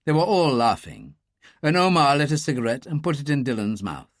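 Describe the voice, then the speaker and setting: Audiobook narrator, thriller reading, steady, lively pitch, dry close recording. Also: brisk, no echo.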